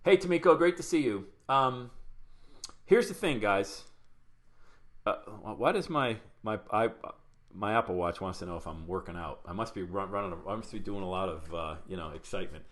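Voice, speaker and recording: Energetic man coaching a live webinar. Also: on the low side, normal speed. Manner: energetic, chatty, greets viewers by name. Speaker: podcast coach.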